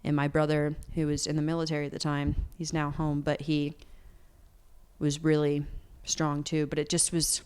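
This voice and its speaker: A young woman singer-songwriter, open and earnest in an interview, fills her speech with "like." She speaks at a moderate pace in a low, clean, darkish voice, and her delivery is completely flat.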